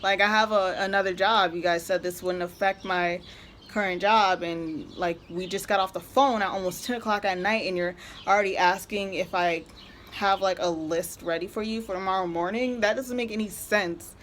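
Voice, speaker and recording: A woman's voice: medium pitch, steady tone, moderate pace, fairly bright tone, slight background noise. A young woman telling a story in a casual, exasperated rant, peppered with filler words. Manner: chatty, exasperated, heavy use of "like". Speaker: vlogger.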